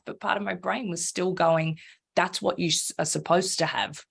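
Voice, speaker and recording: A woman speaking as a podcast guest, frank and animated, swearing freely and acting out her own inner voice. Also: mid-range voice, moderate pace, creaky. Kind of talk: candid conversational interview.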